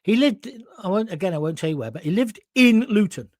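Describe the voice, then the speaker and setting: A middle-aged man tells a long, rambling anecdote, cursing freely and wandering off into asides. His voice sits high and swings widely in pitch. The sound is close and dry. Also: animated, fairly quick, no echo. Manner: swearing, rambling with restarts and asides. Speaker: host. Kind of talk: casual storytelling monologue.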